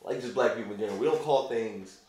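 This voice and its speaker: A man's voice: mid-range voice, quick pace, a little mellow, slight background noise. A man in a casual conversation, talking loosely and rambling with lots of "like" and restarts. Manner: loose and rambling, heavy use of "like". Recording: very echoey room.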